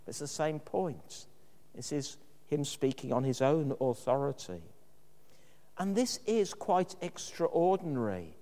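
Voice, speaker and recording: A man gives a sermon in a warm, mellow voice, talking in a thoughtful, conversational way with the odd "um". His words ring out with a long reverb from the church around him. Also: a little high, animated, unhurried. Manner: thoughtful, conversational preaching with fillers. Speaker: preacher.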